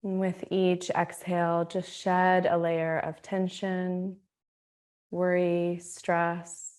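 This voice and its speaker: Woman, guided meditation teacher, unhurried, low-pitched, soothing and gently inviting. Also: level tone, clean tone. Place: Australia.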